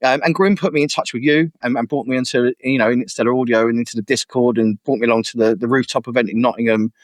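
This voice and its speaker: A young man, an MC, telling stories casually in an interview and lively acting out the voices of people he quotes. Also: mid-range voice, quick pace, no echo. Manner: animated, acts out quoted voices. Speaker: MC and guest artist. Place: podcast studio.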